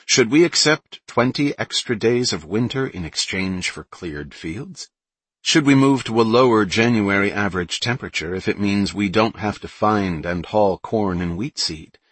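A man reading a brainy teenage girl who explains her plans in a precise, calm way, in an audiobook. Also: lowish voice, moderate pace, husky, dry recording. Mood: explaining.

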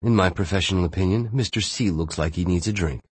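A man voicing a calm, matter-of-fact woman who is a former navy medic, reassuring her patient. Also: low-pitched, fast talker, slightly rough, no echo.

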